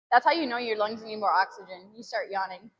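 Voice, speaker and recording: A woman's voice: fairly high pitch, muffled recording. A young woman streaming a gym workout, chatting casually and breathlessly between sets, restarting her sentences. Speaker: fitness streamer.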